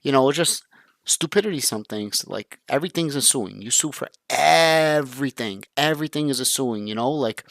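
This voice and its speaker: Guy on a crypto panel telling a lively story, dry close sound, regular pitch. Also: brisk, vocal fry, no room sound. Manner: animated storyteller, acts out what others said. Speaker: crypto content creator. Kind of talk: live panel discussion.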